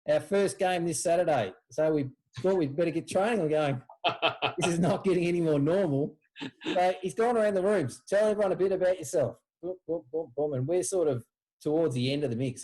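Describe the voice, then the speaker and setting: An Australian man telling old club stories in casual chat, acting out what people said in a raised voice. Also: a little high. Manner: animated storyteller, acts out quotes in a raised voice. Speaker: podcast guest, former club footballer.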